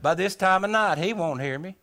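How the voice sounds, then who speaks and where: A man telling a humorous tall tale in a folksy, animated way, acting out his own thoughts aloud. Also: sits high, fairly quick. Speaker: storyteller.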